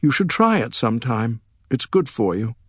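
A man's voice: mid-range voice, sing-song, normal speed, breathy edge, no echo, studio quality, voice pushed up. A man voicing a tearful ambitious young woman. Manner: tearful, earnest. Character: tearful young woman, political chief of staff.

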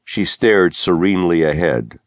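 A man narrating a novel in a measured, steady storytelling manner, recorded close in a studio. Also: sits low, dry recording, highs cut off. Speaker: audiobook narrator. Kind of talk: scripted narration.

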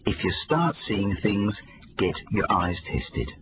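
A man voicing a calm, easygoing father who speaks slowly and soothingly. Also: lowish voice, lo-fi sound, slight background noise. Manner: slow, soothing, unhurried.

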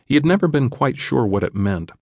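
A man's voice: mid-range voice, sing-song, fairly quick, darkish tone, no room sound. A man narrating a children's novel in a folksy, playful storytelling manner. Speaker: audiobook narrator.

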